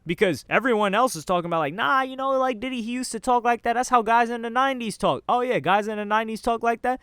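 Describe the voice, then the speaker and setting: Slangy, joking man with a higher voice. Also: no room sound, studio quality. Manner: loose, joking, slangy, animated swings in pitch. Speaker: commentary channel host. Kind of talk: casual commentary monologue.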